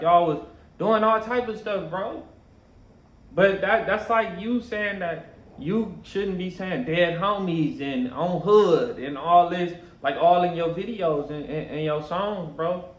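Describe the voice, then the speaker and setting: A man reacting to a video clip in casual commentary, talking in animated bursts and ending lines with "bro". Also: sits high. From Los Angeles area. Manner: animated, laughing, repeats "bro". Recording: roomy echo.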